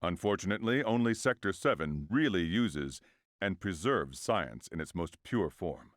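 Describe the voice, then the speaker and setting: A huge, stoic male cyborg soldier speaks in a very deep voice, acted by a woman reading a game aloud. His pitch swings widely as he explains things formally and patiently. The sound is close and dry. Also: expressive, normal speed, no echo.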